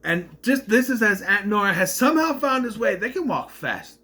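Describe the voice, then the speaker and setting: A man's voice: sits high, big pitch swings, normal speed, sharp tone. A man casually recapping a movie plot, rambling and correcting himself as he goes. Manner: rambling, self-correcting retelling.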